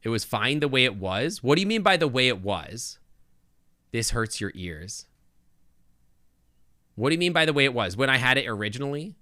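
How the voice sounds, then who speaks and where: A man's voice: medium pitch, very animated, moderate pace, pauses often, bright, forceful tone, no echo. A male game streamer chatting casually with his viewers on a close desk microphone, thinking aloud with lots of restarts and asides.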